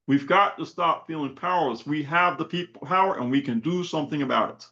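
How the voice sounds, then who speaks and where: A man's voice: fairly high pitch, a little fast, hardly any pauses, pushed and bright. Impassioned man on a muffled video call. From South Florida. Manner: repetitive rhetorical questions, preacher-like build. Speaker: event host. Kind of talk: impassioned spoken poem and call to action.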